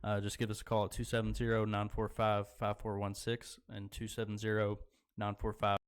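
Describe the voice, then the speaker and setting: A man's voice: fairly low pitch, monotone, fairly quick, heavy background noise. A man co-hosting a podcast in laid-back casual chat, who laughs easily and reads the sponsor spots. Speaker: podcast co-host.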